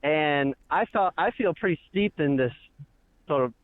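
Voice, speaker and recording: Animated man calling in over a phone line. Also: fairly high pitch, unhurried. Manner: animated, acts out shouted quotes. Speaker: caller. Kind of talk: casual storytelling on a call-in show. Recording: tinny phone line, dry.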